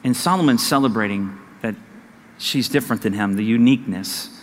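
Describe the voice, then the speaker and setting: A man preaching a sermon as pastor, animated and acting out conversations with his wife. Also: lowish voice, brisk, in a large hall, a little hiss or hum.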